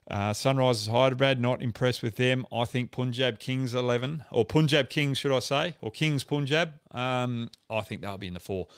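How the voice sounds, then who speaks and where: A man's voice: mid-range voice, clean tone, dry recording, studio quality. A middle-aged Australian man hosting a casual live stream, answering viewer questions in a chatty, friendly way and correcting himself as he goes.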